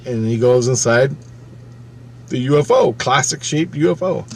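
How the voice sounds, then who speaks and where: A man in his fifties narrating a personal experience in a loose, unscripted monologue. He talks at a middle pitch, swears freely, and circles back on his own phrases. A faint hiss sits under his voice. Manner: profane, emphatic, halting retelling with repeated phrases. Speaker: channel host.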